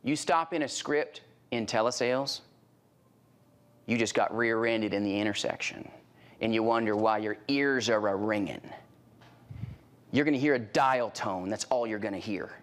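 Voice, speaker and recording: A middle-aged man giving a live sales training talk, punchy and animated, with repeated phrases, rhetorical questions and sudden loud exclamations as he acts out little scenes. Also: fairly low pitch, moderate pace, long pauses.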